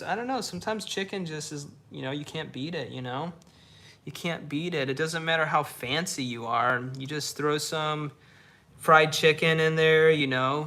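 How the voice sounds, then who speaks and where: A man's voice: on the high side, pushed and bright. A young man casually chatting on a live stream, reading viewers' messages aloud, laid-back and slangy, often repeating his own phrases. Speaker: livestreamer reading chat. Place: dark room indoors.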